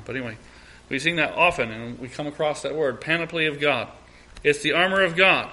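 A man's voice: high-pitched, pushed and bright. A middle-aged man leading an evening Bible study, earnest, repeating key phrases and acting out short prayers.

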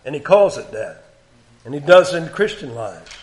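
A man giving expository Bible teaching, reading old scripture aloud with growing force and dropping to quiet comments between passages. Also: fairly high pitch, sing-song, moderate pace. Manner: reads King James scripture aloud with rising force.

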